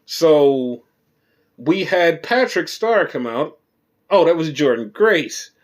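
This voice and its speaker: Guy ranting through a wrestling recap, swears a lot, voice sits a bit high. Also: slow pace. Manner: profane, rambling, animated storytelling. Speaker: podcast host recapping wrestling shows. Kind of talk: casual chat.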